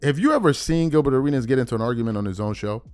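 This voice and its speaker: A man's voice: mid-range voice, racing, dry recording. A man hosting a podcast, giving blunt, mocking sports commentary. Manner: animated, blunt and mocking, with mock-quoted asides. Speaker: podcast host. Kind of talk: opinionated commentary.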